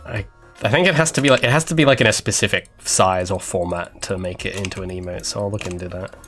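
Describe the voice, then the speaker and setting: Young aussie guy rambling at his chat while coding, jokey, kinda low voice, faint music and keys clacking in the back. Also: fast talker, fairly bright tone. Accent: Australian, often taken for Canadian. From Australia. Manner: rambling, self-mocking, jokey asides to chat. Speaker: indie game developer streaming.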